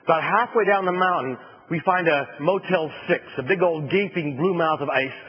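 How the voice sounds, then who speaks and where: Man, from New Jersey, motivational speaker, comic storytelling, slightly high voice, husky. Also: moderate pace, in a large hall, dull audio. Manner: animated, comic storytelling with punchlines and acted-out shouts. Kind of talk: storytelling keynote speech.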